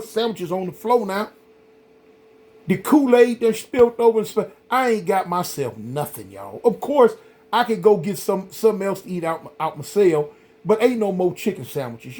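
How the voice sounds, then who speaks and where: A middle-aged man hosting a vlog, telling a story in a casual, rambling, animated way, full of "man" and "y'all". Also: high voice. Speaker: vlog host.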